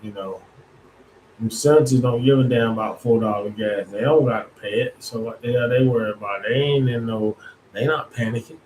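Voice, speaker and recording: A man's voice: medium pitch, fairly quick, a little mellow, a little hiss or hum, low-quality recording. A man hosting his own podcast, giving a casual, rambling monologue in colloquial speech, full of restarts and asides. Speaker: podcast host.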